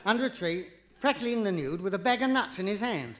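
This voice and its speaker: A man doing live stand-up comedy, cheeky and quick, with jokes that rise into punchlines. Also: high voice, expressive, a bit bright. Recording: vinyl live recording, audience laughter, distant.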